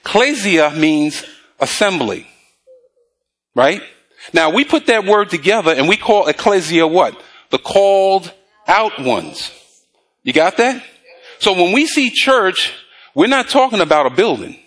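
A male preacher delivering a morning sermon, his voice pitched high and swinging widely as he talks. He keeps throwing questions back to the congregation for them to answer. He stretches out the scripture he reads aloud. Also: very animated, fairly bright tone. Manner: call-and-response questions to the congregation; drawn-out scripture reading.

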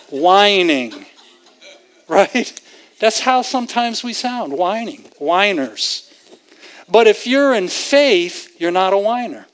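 A man's voice: high-pitched, sing-song, takes it slowly, fairly bright tone. A man preaching a sermon, emphatic and repetitive, asking rhetorical questions and chuckling at his own points.

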